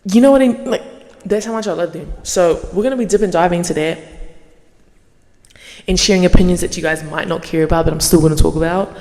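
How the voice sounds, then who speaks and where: A young woman hosting her podcast in a casual monologue, swearing freely and yapping in an animated way. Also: lowish voice, long reverb tail. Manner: profane, animated, fast yapping. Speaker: podcast host.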